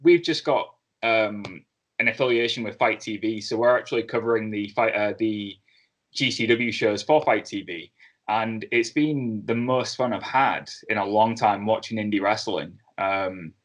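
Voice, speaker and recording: A man's voice: on the low side, moderate pace. A man hosting an interview, chatting in a friendly way and giving long setups before his questions. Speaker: podcast host and interviewer. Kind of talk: casual interview chat.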